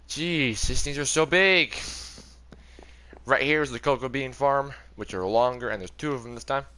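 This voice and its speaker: Touring his game world in a loose, talkative way, a young man keeps stopping to fix what he just said. He makes gaming videos, and his medium-pitched voice comes across bright and forceful.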